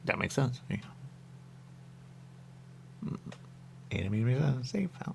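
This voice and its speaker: Male radio host, rambling banter, lively swooping delivery with gravel in the voice. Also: medium pitch, normal speed, a little hiss or hum. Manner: rambling, jokey, repeats catchphrases. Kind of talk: loose banter among co-hosts.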